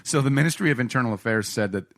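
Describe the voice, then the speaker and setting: Brief: male podcast co-host, lively swooping delivery, dry close mic, casual and profane. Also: mid-range voice, very fast, no echo. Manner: animated, swears, slips into joke voices. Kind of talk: casual comic-book chat.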